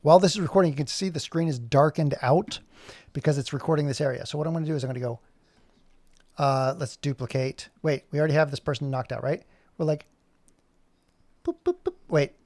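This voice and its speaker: A man's voice: a little high, quick pace, darkish tone, dry recording. Rambling man chatting on a livestream. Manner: rambling, talks to himself while working. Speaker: streamer making an animation. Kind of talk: casual livestream chat.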